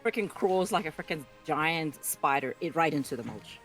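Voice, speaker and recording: A man playing a tabletop game, eager and quick to jump in. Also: fairly high pitch, expressive, fairly bright tone, rough recording. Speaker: player. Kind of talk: casual tabletop play. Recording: faint music behind.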